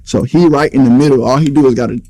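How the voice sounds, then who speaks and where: A man's voice: mid-range voice, fairly even intonation, fast, dark tone. Blunt profane man telling a story. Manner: blunt, profane, acts out quotes. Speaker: interview guest recounting events. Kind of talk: casual storytelling.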